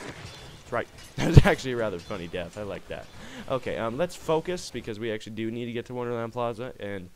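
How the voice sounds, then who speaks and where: A man's voice: medium pitch, brisk, a little mellow. A young man casually commenting on a video game as he plays, goofy and rambling, with yelps and silly voices. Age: young adult. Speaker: gamer, let's play host. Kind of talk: casual let's play commentary. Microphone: gaming headset.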